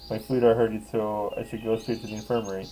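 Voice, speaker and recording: A man's voice: fairly low pitch, level tone, fast, warm tone, a little hiss or hum, rough recording. A man casually reading a visual novel aloud, often laughing and breaking off to joke. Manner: giggly, reads narration aloud and breaks off to joke. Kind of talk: casual let's play commentary.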